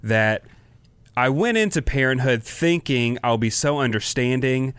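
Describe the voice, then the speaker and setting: A man co-hosting a parenting podcast, a father chatting in a relaxed, storytelling way. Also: medium pitch, a little slow, smooth, no echo. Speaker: podcast co-host. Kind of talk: casual chat.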